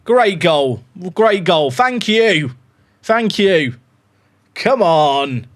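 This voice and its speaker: A man with a high, lively voice that leaps up and down as he streams a football management game. He chats to his viewers in an excitable, running commentary, quick to cheer and quick to grumble. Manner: excitable, chatty, talks to his dog and chat. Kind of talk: live gameplay commentary.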